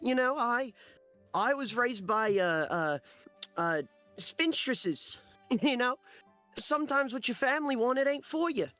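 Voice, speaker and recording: A man voicing a huge blacksmith made of fire and rock, loud and blunt with brash outbursts. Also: very high-pitched, animated, a little slow, dry recording, faint music behind, pitched above the performer's own voice, exaggerated voice. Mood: sympathetic.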